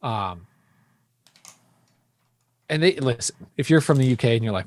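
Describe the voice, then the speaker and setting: A man's voice: medium pitch, animated, a little slow, pauses often. An American man co-hosting a podcast in a rambling, playful, teasing casual chat. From United States. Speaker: podcast co-host.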